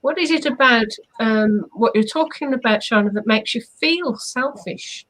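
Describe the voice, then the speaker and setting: A woman's voice: fairly high pitch, unhurried, a bit bright, rough recording. A woman co-hosting a live online chat, a hypnotherapist who coaches earnestly and asks rhetorical questions. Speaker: hypnotherapist co-host. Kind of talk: casual live-stream chat.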